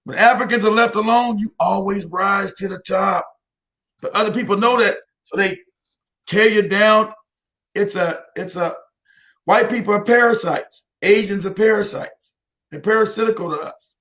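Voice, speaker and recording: American guy on an interview, pretty high voice, keeps repeating himself and laughing in between, real emphatic. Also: moderate pace, a bit bright. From United States. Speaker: guest. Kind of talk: heated interview talk.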